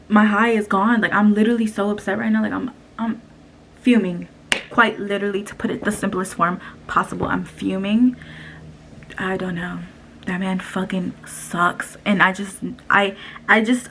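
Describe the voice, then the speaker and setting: A young woman telling a story to her camera at home, blunt and profane as she vents. Her voice has a gravelly, creaky edge and sits at an ordinary middle pitch. Faint background noise runs under the recording. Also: fairly even intonation, normal speed, fairly bright tone. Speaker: vlogger. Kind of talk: casual story time vlog.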